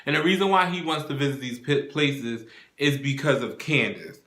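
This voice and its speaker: Man, TV recap host, casual and profane, acts out quotes, bright voice, echoey room. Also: mid-range voice, moderate pace. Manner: profane, retells scenes by acting out characters' lines.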